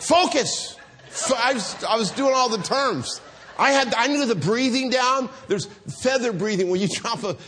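A man preaching a storytelling sermon, animated, acting out the voices in his stories and laughing often. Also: high voice, a little hiss or hum.

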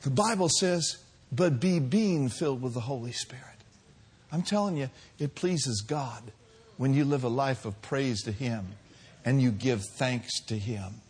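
A man preaching a sermon as pastor, swinging from soft, drawn-out lines to loud, shouted calls. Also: mid-range voice, husky.

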